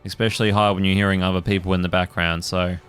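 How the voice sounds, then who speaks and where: Gamer guy doing lets play commentary, kinda low smooth voice, rambly w lots of ums and swearing. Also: flat delivery, fast talker, fairly bright tone, faint music behind. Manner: casual, rambling with many fillers and swearing. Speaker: gaming channel host.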